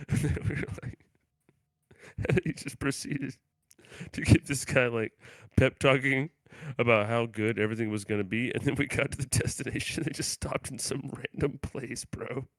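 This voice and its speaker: A man's voice: mid-range voice, moderate pace, dry recording. A young man co-hosting a podcast, telling stories in a loose, crude, slangy way with frequent laughter. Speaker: podcast co-host. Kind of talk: casual chat.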